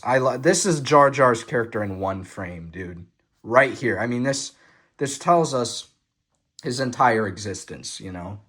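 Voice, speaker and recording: Young guy vlogger, mid pitch, fast fan commentary with swearing and fillers. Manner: excitable, swears casually, many fillers and restarts. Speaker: vlogger reviewing a film photo book. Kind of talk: casual enthusiastic commentary. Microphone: phone.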